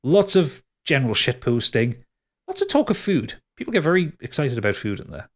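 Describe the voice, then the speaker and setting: A man's voice: medium pitch, sing-song, brisk. A man as game master, wrapping up a tabletop podcast episode in rambling, upbeat casual chat. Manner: rambling, lots of restarts and laughs, upbeat.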